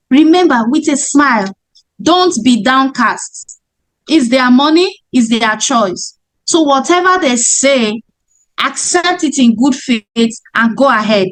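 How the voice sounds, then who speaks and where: A woman's voice: high-pitched, animated, slow, rough recording. A woman teaching sales in a webinar, emphatic and repeating her key points. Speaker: sales trainer. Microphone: webinar microphone.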